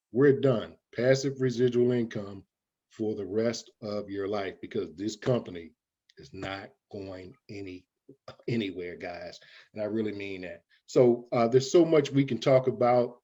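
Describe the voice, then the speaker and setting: A man's voice: medium pitch, mellow, lo-fi sound. A man as an interview guest giving folksy, preachy motivational talk, often calling his listeners "guys".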